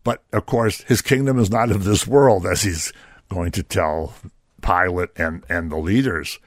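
A man's voice: deep voice, measured pace, dry recording, clean studio sound. A man preaching a conversational sermon, explaining scripture with asides and rhetorical questions.

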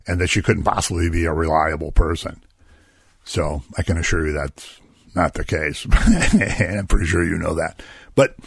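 A man with a low, husky voice delivers a conversational Bible-study sermon. He keeps asking his listeners rhetorical questions and chuckles between points. His voice is close and dry, with no room sound around it. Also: no echo. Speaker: preacher.

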